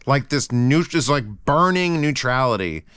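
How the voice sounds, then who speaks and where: A man's voice: mid-range voice, lively intonation, measured pace, a bit bright, clean tone, no echo, studio quality. A man casually reviewing earphones, rambling and swearing with frequent restarts. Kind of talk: casual unscripted product review.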